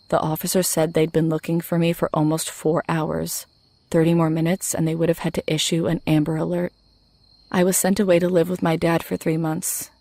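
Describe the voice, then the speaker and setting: A woman reads a first-person horror story in a low, even voice with a gravelly edge. Her telling is measured and steady, recorded dry and close. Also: no room sound. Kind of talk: scripted first-person narration.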